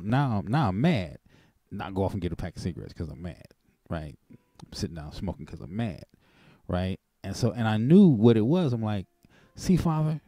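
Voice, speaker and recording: A man with a low, mellow voice talks through a computer mic on a call-in show. He tells a personal story in a loose, rambling way, jumping up in pitch when he acts out what he said and chuckling along. The sound is dry and close, with no room around it. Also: dry recording. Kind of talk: casual testimony on a call-in show.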